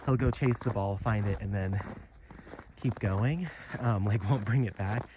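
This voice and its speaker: Low-voiced man vlogging over loud noise. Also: a little slow. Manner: rambling and chatty, with many fillers. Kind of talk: casual walk-and-talk vlog. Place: outdoors on a mountain trail. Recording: heavy outdoor background noise. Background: loud outdoor noise.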